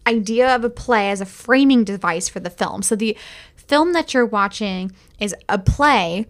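A woman's voice: medium pitch, normal speed. Chatty, swearing female podcast co-host. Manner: chatty, emphatic, swears casually. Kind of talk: casual movie review chat.

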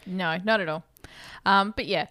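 A woman's voice: medium pitch, no echo. A young woman co-hosting a casual film recap, animatedly acting out the characters' lines. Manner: animated, acts out characters' lines in quick voices. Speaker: podcast co-host.

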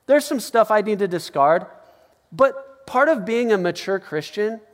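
A man's voice: high-pitched, a little slow. A man preaching a casual, conversational sermon as pastor, acting out little scenes and quotes. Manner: conversational, animated, acts out quotes with laughs. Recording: long hall reverb.

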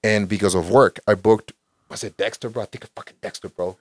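A man in his forties, a guest in casual conversation, telling stories in an animated, profane way and saying "bro" constantly. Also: lowish voice, fairly quick, no room sound. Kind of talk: casual storytelling.

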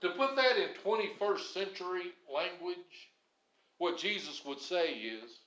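A man preaching a sermon with a slightly raised voice, leaning hard on key phrases and then sinking into low, quiet lines. The sound carries a roomy echo around it. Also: animated, unhurried. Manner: emphatic, swings between loud stresses and low quiet phrases. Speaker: pastor.

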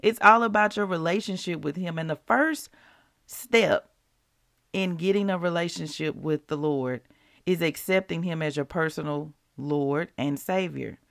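A woman's voice: low voice, unhurried, vocal fry, no echo, studio quality. A woman hosting a devotional podcast, chatting casually and asking the listeners rhetorical questions.

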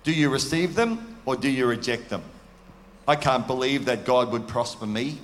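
A man's voice: medium pitch, expressive, normal speed, slight background noise. A man preaching a sermon in an earnest, conversational way, asking his listeners questions. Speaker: pastor. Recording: long hall reverb.

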